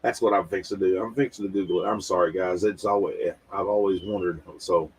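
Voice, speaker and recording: A man's voice: deep voice, steady tone, fast, husky. A man hosting a casual livestream, rambling and talking straight to his viewers, often repeating words. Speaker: livestream host.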